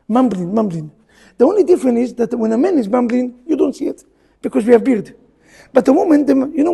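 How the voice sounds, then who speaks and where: A middle-aged man, a rabbi, teaching a humorous class in a synagogue in broken English, firing off rhetorical questions and loud bursts. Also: very high voice, gravelly. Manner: jokey, full of rhetorical questions, bursts into loud quoted rants; broken non-native English grammar. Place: synagogue hall.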